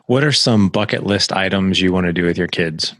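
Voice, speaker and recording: A man's voice: sits low, fairly quick, a bit bright, no echo. A man hosting a podcast, asking questions in a friendly, encouraging interviewer manner. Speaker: podcast host.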